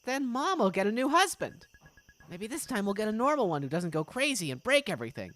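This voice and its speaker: A woman's voice: very animated, a little fast, fairly bright tone, faint music behind. Woman doing a stubborn, defiant young girl. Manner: shrill, outraged protests.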